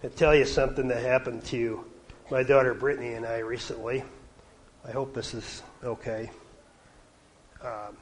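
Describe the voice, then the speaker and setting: A middle-aged man from Canada preaching a sermon, his voice sometimes dropping to a hush. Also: medium pitch, flat delivery, normal speed, pauses often, slight background noise, poor audio. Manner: varies loudness, dropping to a hush at quiet points.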